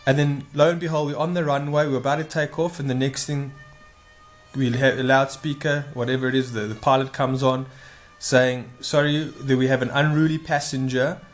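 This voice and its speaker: A man's voice: medium pitch, flat delivery, moderate pace. A man casually telling a long personal anecdote, rambling and correcting himself with frequent asides. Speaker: storyteller.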